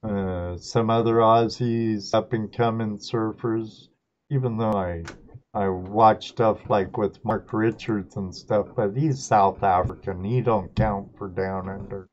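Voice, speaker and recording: A man's voice: on the low side, fairly even intonation, takes it slowly, a little mellow, slight background noise. A middle-aged man from Southern California, hosting a live stream and rambling through stories, laughing at himself. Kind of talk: casual chat. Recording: dull lo-fi stream audio.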